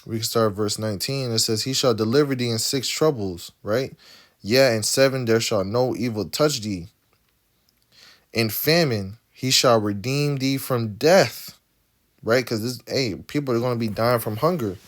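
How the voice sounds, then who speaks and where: A scripture teacher with a mid-range voice and normal speed gives informal Bible teaching, reading verses aloud and explaining them emphatically. He keeps tagging each point with "right?"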